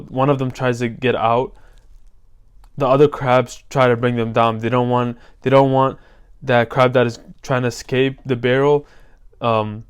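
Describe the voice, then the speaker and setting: Flat, smooth-voiced young man giving motivational talk. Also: mid-range voice. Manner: loose slangy delivery full of fillers. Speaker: self-improvement coach. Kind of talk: casual motivational vlog talk.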